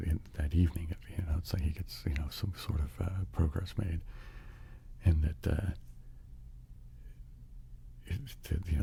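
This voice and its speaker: Gravelly whispering man telling a bedtime story. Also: very deep voice, slight background noise. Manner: rambling, with many fillers and restarts, softly whispered.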